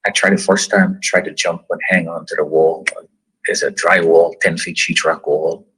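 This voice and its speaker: A middle-aged man recounting a personal survival story in slow, halting sentences with long pauses. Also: low voice, level tone, fairly bright tone, breathy edge, poor audio. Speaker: survivor giving a testimony. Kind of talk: personal story told to students.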